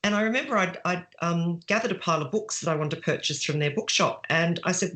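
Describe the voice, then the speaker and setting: A woman's voice: fairly low pitch, fast, few pauses, fairly bright tone. Brief: middle-aged woman author, chatty, restarts often, laughs into her stories. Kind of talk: casual interview answers.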